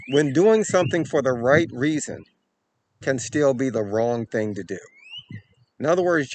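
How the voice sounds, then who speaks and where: A man's voice: mid-range voice, a little hiss or hum. Earnest man telling a story. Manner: earnest, repeats "okay" and "right", grows animated in the story. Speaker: self-defense channel host. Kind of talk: storytelling to camera.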